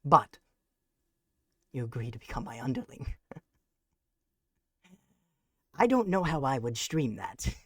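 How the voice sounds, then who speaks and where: A streamer chatting live on a desk mic, using grand, formal, mock-villainous phrasing with sarcastic deadpan jokes. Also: mid-range voice, measured pace, long pauses, husky, dry recording, clean studio sound. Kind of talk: casual live-stream chat.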